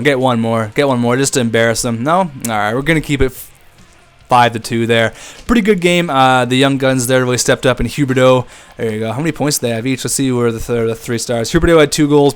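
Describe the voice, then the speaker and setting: A young man giving casual, excitable commentary on a hockey video game, chatting to his viewers. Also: mid-range voice, clear, resonant tone. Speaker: gaming YouTuber. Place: home room at a desk with a squeaky chair.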